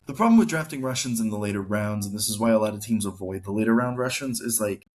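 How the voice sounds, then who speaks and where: A man's voice: fairly low pitch, lively intonation, fast, darkish tone. A man co-hosting a casual hockey podcast, rambling and saying "like" often. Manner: rambling, heavy use of "like". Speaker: podcast co-host.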